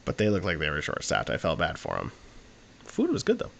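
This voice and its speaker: A man's voice: very deep voice, huge pitch swings, fairly quick, gravelly. A young man, co-hosting a podcast and telling a long, rambling anecdote in casual chat, full of fillers. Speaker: podcast co-host.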